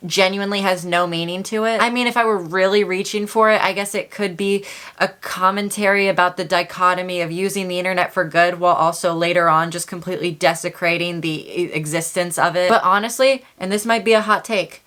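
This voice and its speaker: A young adult woman YouTuber delivering a satirical video essay with sarcastic, deadpan mock-seriousness. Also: fairly low pitch, brisk.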